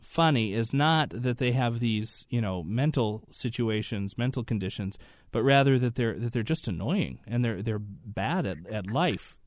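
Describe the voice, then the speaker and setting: A man hosting a radio conversation, offering relaxed, analytical remarks. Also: mid-range voice, a little slow, no echo. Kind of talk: conversational interview.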